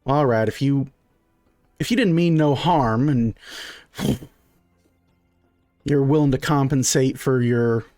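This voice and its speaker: A man voicing a stern, sharp-tongued middle-aged townswoman who is a mother, with a bossy, folksy drawl, in a tabletop game. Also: mid-range voice, slow, pauses often, no room sound, studio quality, soft background music, lightly acted.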